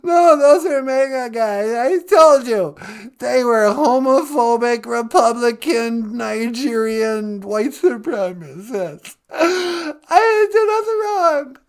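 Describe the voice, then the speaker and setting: A man's voice: very high voice, slow pace, voice pushed up, full character voice. A man voicing a melodramatic, weepy jailed man who pleads and whines through tears. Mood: tearful pleading. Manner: sobbing, pleading, self-pitying.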